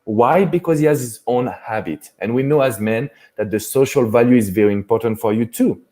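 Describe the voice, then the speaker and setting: French-accented man, mellow low voice. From France. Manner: halting, restarts phrases, earnest. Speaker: dating coach. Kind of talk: live Q&A chat.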